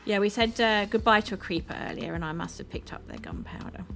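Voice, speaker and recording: A woman's voice: mid-range voice, huge pitch swings, quick pace, creaky, fairly bright tone. Chatty South London woman streamer. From South London, England. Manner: chatty and upbeat, thanking viewers, laughs easily. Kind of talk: casual chat with live chat while gaming. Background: background music.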